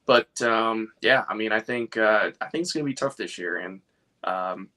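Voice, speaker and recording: A man's voice: on the low side, normal speed, bright, forceful tone. A man chatting as a guest on a talk show, hesitant with lots of fillers. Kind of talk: casual interview chat.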